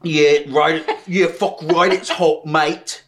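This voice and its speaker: A man putting on a crude, brash Australian straight guy on a date, with a put-on Australian accent and a lowered voice. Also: fairly even intonation, slow pace. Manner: brash, swearing, shouting at the game.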